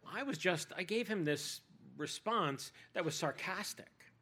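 A man's voice: high voice, animated, measured pace, bright, forceful tone, slightly rough, voice pushed up, full character voice. A man voicing a sarcastic, defensive Samaritan woman at a well, in a sermon retelling. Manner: snarky, defensive.

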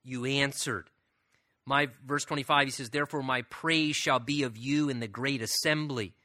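Bright-voiced man preaching a sermon. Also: mid-range voice, fairly even intonation, moderate pace, no room sound, studio quality. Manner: expository Bible teaching, reads verses aloud with emphasis.

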